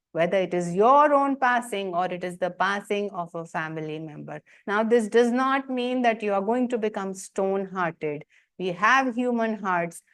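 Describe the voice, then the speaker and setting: Woman w/ explaining scripture, earnest, keeps repeating things for emphasis. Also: mid-range voice. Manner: earnest, rhetorical questions, emphatic repetition. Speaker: spiritual teacher. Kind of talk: scripture commentary talk.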